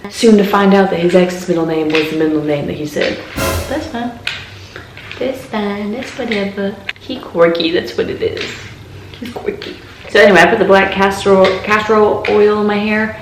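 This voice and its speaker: A young woman, chatting frankly and jokingly in a casual vlog, swinging between loud remarks and mumbled asides. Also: mid-range voice. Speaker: vlogger. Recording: echoey room with noticeable noise.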